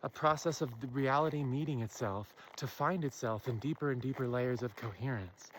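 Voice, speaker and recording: A woman's voice: very deep voice, normal speed. Woman, impassioned monologue, emphatic, rhetorical questions, faint background hiss. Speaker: self-help speaker.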